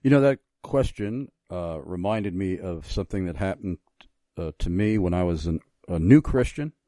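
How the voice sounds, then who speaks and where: A man's voice: deep voice, animated, moderate pace, mellow, dry recording. A middle-aged man hosting a radio talk show, telling a personal story in an earnest, thoughtful way with many small restarts. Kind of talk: casual radio conversation, storytelling.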